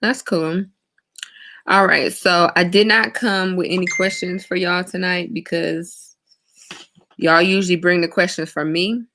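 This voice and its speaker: A woman's voice: lowish voice, steady tone, measured pace, sharp tone, a little hiss or hum. A woman hosting a casual livestream, chatting loosely and greeting viewers one by one by name. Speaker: livestream host.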